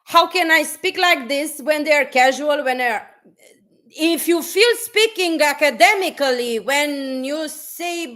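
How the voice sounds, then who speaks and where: Slow, high-voiced woman preaching bluntly. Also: lively intonation, sharp tone. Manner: blunt and preachy, restarts sentences, swears casually. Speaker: motivational speaker. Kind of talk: unscripted motivational live stream.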